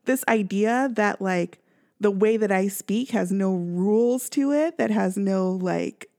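A woman's voice: medium pitch, takes it slowly. Chatty, laughing woman. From Missouri, US Midwest. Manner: lively, animated, laughs often, many fillers. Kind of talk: casual chat.

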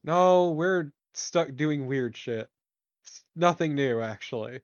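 A man's voice: fairly high pitch, slow. A man voicing a flippant, sarcastic adventurer in a tabletop role-play game, swearing offhandedly. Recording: dull, dry lo-fi mic.

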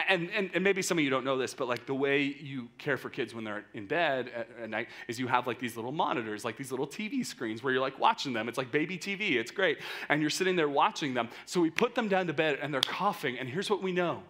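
With a medium-pitched voice, a thirties-aged youth pastor preaches in an earnest, talky way, leaning on "like" often. Some lines come out quiet and intimate, others in loud, emphatic bursts.

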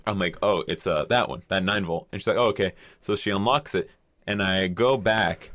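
Young male co-host, low voice, dry close sound, loose storyteller who swears freely. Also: a little fast, fairly bright tone, dry recording. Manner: rambling storyteller, swears casually, acts out quotes. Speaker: podcast co-host telling a story. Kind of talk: casual chat.

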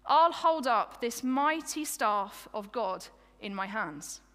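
A woman's voice: fairly high pitch, animated, takes it slowly, a bit bright, in a large hall. A woman voicing Moses in the first person, a worn-out male leader who is exasperated with his grumbling people and pleads with God. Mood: storytelling.

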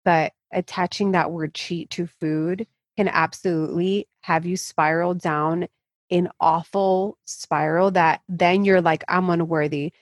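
A woman's voice: lowish voice, steady tone, no room sound. A woman who works as a fitness coach, talking candidly and emphatically as an interview guest. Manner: frank, emphatic, speaks in rushes.

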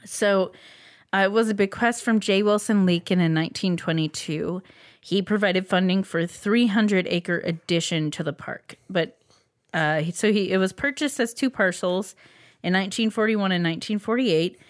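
Woman podcast host going through her notes, lots of um and uh, mid pitched, laughs a bunch. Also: moderate pace. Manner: reads out facts with many ums and uhs, laughs easily. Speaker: podcast co-host presenting a researched topic. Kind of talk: casual chat.

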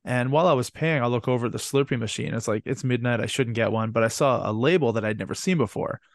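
A man's voice: mid-range voice, fast talker, no echo, clean studio sound. Man telling rambling stories. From Canada. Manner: rambling, profane storytelling. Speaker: podcast co-host. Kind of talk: casual chat.

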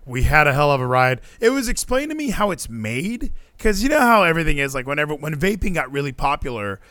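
Talking fast in a fairly high voice, with no room sound, this man hosts a podcast. He rambles in an animated, joking, casual manner.

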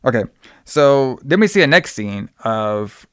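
A man's voice: mid-range voice, sing-song, a little slow, clean tone, no echo, studio quality. A man casually retelling a movie plot, rambling with fillers and restarts. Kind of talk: casual movie recap chat.

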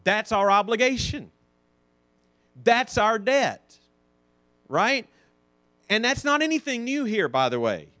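A man teaching a Sunday School Bible lesson, putting questions to the class and repeating key phrases slowly for stress. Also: high voice, big pitch swings, bright, forceful tone, dry recording.

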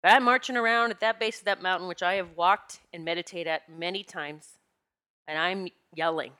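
Woman host, bright and candid, spiritual storyteller, animated and emotional. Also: fairly low pitch, moderate pace. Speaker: podcast host and retreat leader. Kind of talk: personal spiritual talk to listeners. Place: Pennsylvania home.

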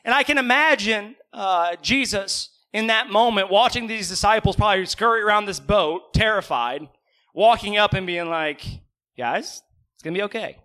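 High, bright-voiced preacher man. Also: normal speed. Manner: conversational, asks the congregation questions, joking asides. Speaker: pastor. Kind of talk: sermon. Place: church.

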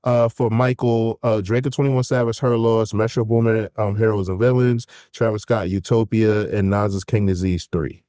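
A man's voice: on the low side, little pitch movement, moderate pace, hardly any pauses, mellow, no room sound, clean studio sound. A man co-hosting a hip hop album podcast, chatting casually and telling stories with a laid-back manner. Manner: laid-back, storytelling with laughs. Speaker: podcast co-host. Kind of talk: casual chat.

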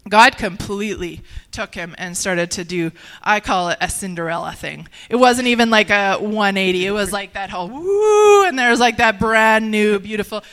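Woman, earnest, halting speech, frequent restarts, smooth clear tone, mid-range pitch, personal testimony. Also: a bit bright. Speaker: guest sharing a personal testimony.

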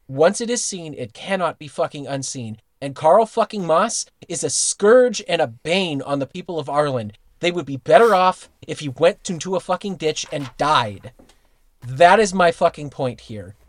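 A man's voice: a little high, no echo. Podcast guy ranting hard, swears constantly, emphatic, dry close mic sound. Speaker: podcast co-host. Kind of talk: casual chat reviewing a cartoon episode.

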